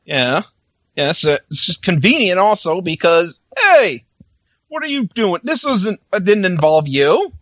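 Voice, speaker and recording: A man's voice: high voice, sing-song, unhurried, fairly bright tone, no echo, muffled recording. A man co-hosting a podcast, chatting casually and animatedly, acting out lines and laughing often. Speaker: podcast co-host. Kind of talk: casual recap chat.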